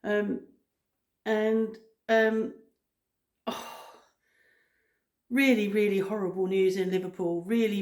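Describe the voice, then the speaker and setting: A middle-aged woman chatting casually to her viewers, rambling with many pauses and ums. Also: medium pitch, roomy sound. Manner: rambling, frequent ums, soft-spoken. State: out of breath. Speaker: vlogger. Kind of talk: casual chat.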